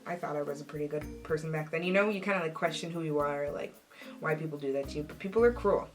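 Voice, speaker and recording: Lively young woman telling a story. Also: sits low, quick pace, faint music behind. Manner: animated, acts out quoted voices. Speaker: vlogger. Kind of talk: casual storytime.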